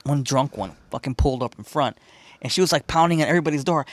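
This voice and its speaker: A man's voice: fairly high pitch, fast talker, no room sound. A man co-hosting a podcast, telling a wild story in casual chat, swearing freely, laughing often and acting out the voices of the people in it. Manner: profane, laughing, acts out voices in stories. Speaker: podcast co-host. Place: podcast studio room.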